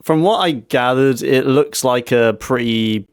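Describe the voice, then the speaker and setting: A man's voice: medium pitch, a little slow, smooth. A man co-hosting a casual podcast over a video call, recounting a story and laughing often. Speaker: podcast co-host. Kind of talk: casual chat.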